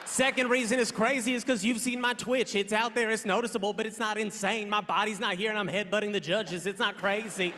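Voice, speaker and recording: A man in his thirties doing a stand-up routine on a large stage, punchy and loud, acting out his quotes. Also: high-pitched, steady tone, brisk, few pauses. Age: 30s. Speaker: stand-up comedian. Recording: reverberant large hall.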